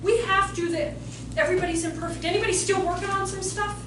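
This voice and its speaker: A woman in her forties, a behavior trainer giving a lively, sassy workshop talk to childcare staff and acting out the children's voices. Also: very high voice, fast talker. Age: 40s. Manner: lively, sassy storytelling, acts out kids' voices. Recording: echoey room, distant mic, faint noise.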